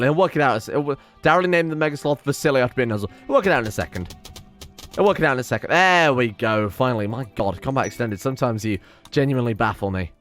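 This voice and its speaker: An excitable man talks through a strategy game, grumbling, swearing and cheering at what unfolds on screen. His voice sits at an ordinary middle pitch, with faint music running underneath. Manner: excitable, swears often, reacts aloud to the game. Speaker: let's play host. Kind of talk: casual gameplay commentary.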